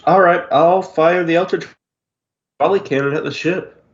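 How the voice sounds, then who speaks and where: A man playing a tabletop game, gravelly and unhurried. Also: a little high, fairly even intonation. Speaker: player. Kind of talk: casual tabletop play. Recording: dull mic with faint noise.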